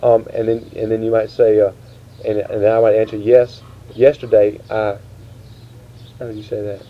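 A man interviewing, asking grammar questions in a halting way, restarting often. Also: lowish voice, completely flat delivery. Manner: halting, restarts, slow quoted prompts. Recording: dull lo-fi tape with faint hiss.

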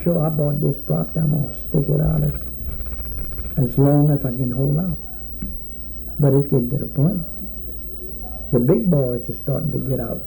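Gravelly-voiced plain-spoken farmer man. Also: fairly high pitch, warm tone, a little hiss or hum, low-quality recording. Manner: plain-spoken, repeats words while explaining. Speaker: sugar cane farmer. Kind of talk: casual interview answers.

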